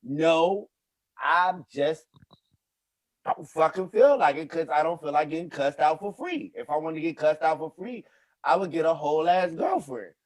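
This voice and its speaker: A man's voice: fairly high pitch, normal speed. A man in casual podcast chat, talking bluntly and profanely as he vents. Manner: blunt, profane, venting, swears freely. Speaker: guest.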